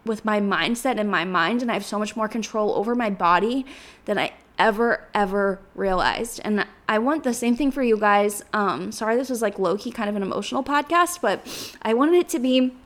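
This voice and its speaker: A woman in her twenties talks alone on her own podcast, earnest and rambling, leaning often on "like" and "literally." She's emotional and close to tears, speaking at a moderate pace in a mid-range, fairly bright voice.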